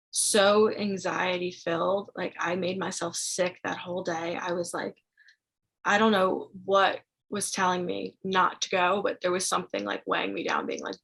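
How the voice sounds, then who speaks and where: A young woman with a husky, gravelly voice tells a personal story as an interview guest. Her talk is loose and chatty, full of fillers and restarts. Her pitch stays fairly flat. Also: low-quality recording. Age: young adult. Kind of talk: casual storytelling.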